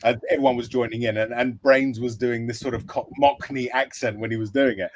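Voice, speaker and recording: A man's voice: mid-range voice, steady tone, fairly quick, poor audio. A man co-hosting a casual fan chat, rambling with many fillers and restarts, laughing often. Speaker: co-host.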